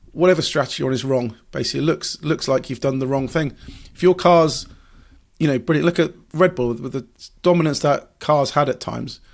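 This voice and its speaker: A man's voice: on the high side, gravelly. A man, a motorsport journalist, explaining racing strategy in a podcast discussion, analytical with frequent fillers and restarts.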